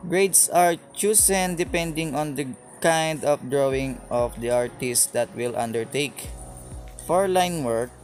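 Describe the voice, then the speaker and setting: A man reading a lesson presentation from a script, stumbling and restarting on words. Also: fairly high pitch. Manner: reads slowly from a script with frequent slips and restarts. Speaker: student presenter. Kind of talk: read-aloud lesson presentation.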